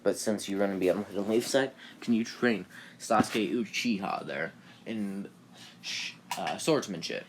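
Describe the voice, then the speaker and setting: A man voicing an overpowered, cocky teenage boy ninja in a casually retold fan story, speaking in a calm, matter-of-fact way. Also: fairly low pitch, moderate pace, a little hiss or hum, lightly acted. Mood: cool.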